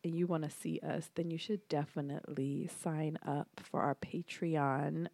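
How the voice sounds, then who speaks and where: A woman co-hosting a podcast in casual chat, jumping in with quick questions and playful quips. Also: sits low, steady tone, gravelly, a little mellow, no echo. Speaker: podcast co-host.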